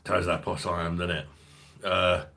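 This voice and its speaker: Deep bloke on a beer stream, rambly, swears a lot, reads chat. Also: male voice, flat delivery, normal speed, gravelly, bright, forceful tone. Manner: swears freely, rambling, laughs often. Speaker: beer review channel host. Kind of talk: casual livestream chat reading viewer comments.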